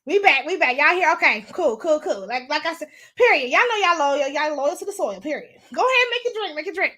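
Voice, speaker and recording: A woman's voice: sits high, lively intonation, a little fast, pushed and bright. A woman hosting a casual livestream, chatty and slangy, talking straight to her viewers while out of breath. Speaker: show host. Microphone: camera mic.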